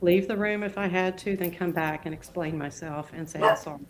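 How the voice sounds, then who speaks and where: A middle-aged woman speaking as a guest in a casual talk, reflective and halting with frequent restarts. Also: fairly low pitch, very noisy. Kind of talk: casual conversational chat.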